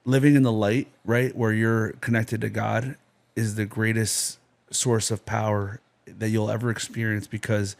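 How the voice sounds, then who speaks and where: A podcast guest from New Jersey gives personal testimony about his life, speaking intensely and ramblingly with plenty of "you know" and "like." His voice is lowish, creaky and unhurried, with little pitch movement.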